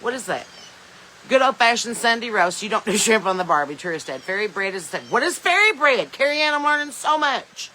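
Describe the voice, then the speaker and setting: Bright chatty Southern woman on a phone. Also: fairly high pitch, very animated, brisk, a little hiss or hum, poor audio. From Southern United States. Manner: chatty, rambling, laughs often, reads viewer comments aloud. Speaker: podcast host. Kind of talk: casual live-stream chat. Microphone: smartphone.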